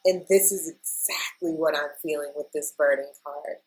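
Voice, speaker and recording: A woman's voice: sits low, fairly even intonation, normal speed, a little mellow, poor audio. A woman in her thirties giving a casual weekly tarot reading, chatty and emotional, often calling her viewers "y'all". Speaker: tarot reader.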